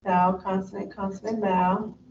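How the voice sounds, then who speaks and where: A woman teacher coaches a student step by step, patient and encouraging, often murmuring quick affirmations. She sounds far from the microphone in a roomy space, and the recording is dull and slightly noisy. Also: medium pitch, level tone, darkish tone. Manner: patient, prompting with quick mm-hmms. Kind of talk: guiding a student through a reading lesson.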